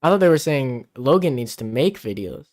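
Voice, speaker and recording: A man's voice: mid-range voice, very animated, moderate pace, a little mellow. A man co-hosting a casual livestream from home, chatting and reading viewer comments aloud. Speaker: livestream co-host. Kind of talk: casual live-stream chat. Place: home in the Philippines. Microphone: camera-mounted mic, out of frame.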